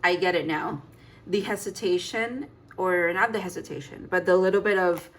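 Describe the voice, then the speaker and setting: A woman's voice: fairly low pitch, a little fast. A woman giving a casual tarot reading, chatty and emphatic, laughing and sighing as she talks. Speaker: tarot reader.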